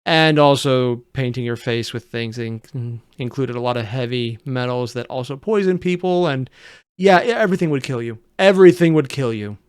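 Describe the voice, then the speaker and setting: A video reactor giving casual, sarcastic commentary, swinging between loud outbursts and low mutters. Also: normal speed, clear, resonant tone, dry recording, clean studio sound. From United States.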